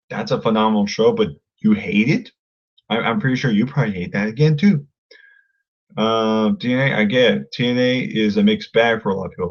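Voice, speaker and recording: A man's voice: mid-range voice, muffled recording. A man ranting angrily at a critic, combative and insulting, often repeating himself. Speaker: vlogger. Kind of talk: angry rant to camera.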